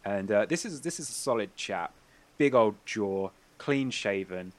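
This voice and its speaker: Low-voiced man narrating a tabletop game. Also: lively intonation. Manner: descriptive, halting with fillers and restarts. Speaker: game master.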